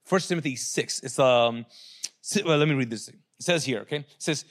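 A middle-aged male pastor preaching a sermon, animated, asking the crowd questions and acting out quotes. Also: mid-range voice, moderate pace.

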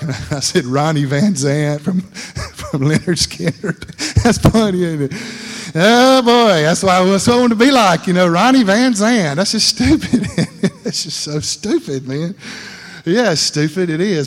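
A man preaching a folksy sermon, rambling and repeating words, laughing at himself and acting out voices in his stories. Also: fairly high pitch. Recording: long hall reverb.

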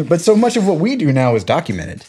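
A man in his thirties from Georgia in the US tells family stories in a casual chat, voicing the people in them with animated flair. His voice is fairly high-pitched, quick and a bit breathy.

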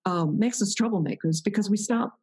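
A woman's voice: medium pitch, a little fast, darkish tone, husky, poor audio. A woman teaching about meditation in a reflective conversation, thoughtful and searching, often restarting her sentences.

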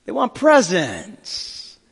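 A male pastor giving a sermon, telling a story with lively, acted-out dialogue. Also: sits high, extremely slow, creaky, husky. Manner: animated storytelling, acting out dialogue. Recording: long hall reverb.

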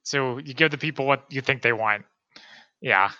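A man's voice: medium pitch, moderate pace, bright, forceful tone, no room sound, highs cut off. A man co-hosting a podcast, chatting about a movie and tossing in dry wisecracks. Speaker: podcast co-host. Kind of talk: casual movie chat.

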